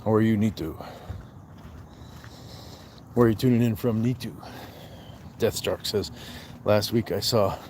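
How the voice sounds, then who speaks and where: Slow, low-voiced man hosting a livestream. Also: a little mellow, slight background noise. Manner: joking, talks to viewers by name. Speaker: livestream host. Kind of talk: casual livestream chat, reading comments.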